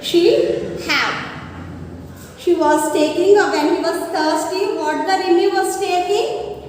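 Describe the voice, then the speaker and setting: A woman teacher with an Indian English accent, giving a slow lesson and spelling out words letter by letter. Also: extremely high pitch. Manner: slow, repetitive, addresses the class as Nana. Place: school classroom. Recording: echoey classroom, voice from far off.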